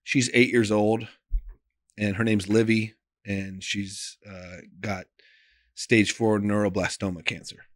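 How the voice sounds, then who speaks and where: A pastor speaks in a somewhat low male voice, recounting a story in an earnest, emotional way. His delivery is loose and conversational, full of "like" and "you know", and often sinks to near a hush. The sound is dry and close, with no room around it. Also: level tone, slow pace, no room sound. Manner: earnest and emotional, voice often drops soft and quiet. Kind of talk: personal storytelling in a podcast interview.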